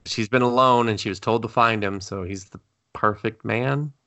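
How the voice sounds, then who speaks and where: A man's voice: fairly low pitch, steady tone, normal speed, sharp tone, a little hiss or hum. A man co-hosting a podcast, recapping an anime episode in casual chat, swearing and acting out quotes in exaggerated voices. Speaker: podcast co-host.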